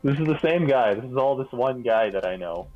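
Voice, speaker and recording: A man's voice: mid-range voice, animated, brisk, dull audio, faint music behind. A man telling rambling, laughing anecdotes in a casual chat among friends. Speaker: guest on a gaming stream.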